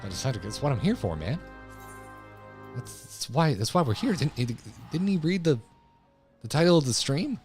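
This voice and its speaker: A man's voice: mid-range voice, sing-song, moderate pace, long pauses, a little mellow. A man streaming a video game, joking and muttering casual commentary. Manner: joking, mumbling asides, laughs often. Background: faint game music.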